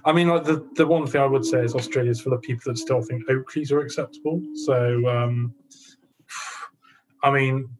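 A young adult man with a medium-pitched, steady voice talks at normal speed while co-hosting a podcast. His casual chat is full of dry, sweary wisecracks.

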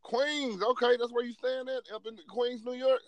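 A man hosting a podcast, casual and animated, joking and laughing with his guest. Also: very high voice, moderate pace, no echo, highs cut off. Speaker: podcast host.

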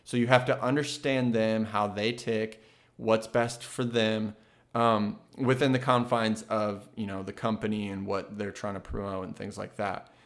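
A man's voice: lowish voice, level tone, measured pace. A man talking in a casual, reflective monologue, earnest and thinking aloud, with frequent restarts.

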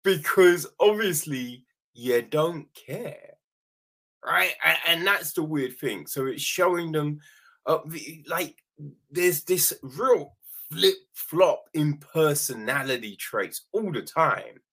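Slow, husky man riffing on a film. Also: on the high side. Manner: animated, keeps asking "right?", acts out quick quoted lines, swears freely. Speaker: film reviewer. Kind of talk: casual spoken film critique.

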